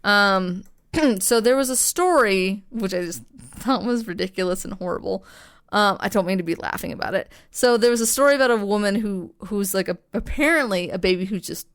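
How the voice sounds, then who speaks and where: A woman's voice: mid-range voice, fairly quick, clear, resonant tone. A woman co-hosting a podcast, telling a story in casual chat, rambling with lots of fillers and swearing. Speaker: podcast co-host.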